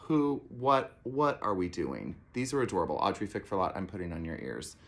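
A man's voice: low voice, sing-song, fast. A man directing a theater camp, gushing and theatrical as he unboxes a gift box in a promotional video.

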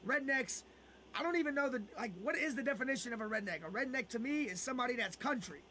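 A man's voice: very high voice, expressive, fast talker, pushed and bright, slight background noise. A man live-streaming a football video game, ranting at viewers in casual, profane chat and repeating himself as he goes.

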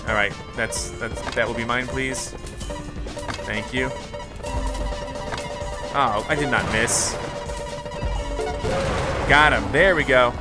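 A man, a gaming video host, giving excitable let's play commentary and reacting out loud to a boss fight. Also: medium pitch, slow pace, long pauses. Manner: excitable, flustered, talks to the game. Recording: clear game music behind.

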